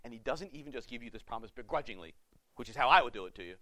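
A male pastor preaching a sermon with passion, swinging between loud urging and hushed pleading. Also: mid-range voice, lively intonation, racing, dry recording.

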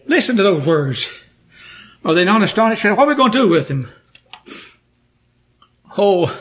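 Preacher guy, high bright voice, gets fired up and repeats himself. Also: expressive, moderate pace, long pauses. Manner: rising to fervent preaching, repeats phrases. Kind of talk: sermon.

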